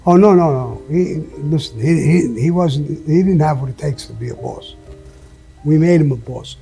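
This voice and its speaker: A man with a fairly high voice, vocal fry and a dark tone speaks at a moderate pace over soft background music. As an interview guest, he tells blunt, profane stories, emphatic throughout, swearing often and laughing mid-story now and then.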